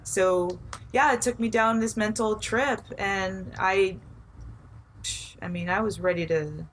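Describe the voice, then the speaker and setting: A middle-aged woman chatting as a podcast guest, her voice sitting at an ordinary middle pitch. She rambles through her story with plenty of fillers and laughs often as she goes. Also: steady tone, takes it slowly, a little hiss or hum. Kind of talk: casual storytelling chat.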